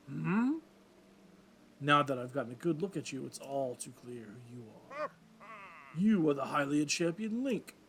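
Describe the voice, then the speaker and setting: A grand old fish-folk king speaks in formal, courtly phrases, as a man reads his part in a let's play. The voice sits at an ordinary middle pitch. A faint hiss runs underneath. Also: natural voice.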